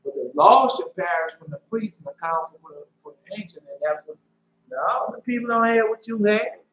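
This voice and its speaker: A man's voice: high voice, lively intonation, a little fast, a bit bright. A man preaching an informal sermon, reading scripture and breaking into loose, conversational asides. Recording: echoey, dull lo-fi room recording with faint hum.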